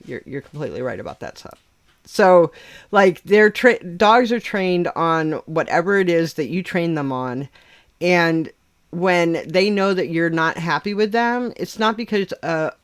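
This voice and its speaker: A livestream host who chats casually and bluntly, swearing freely and laughing often. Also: medium pitch.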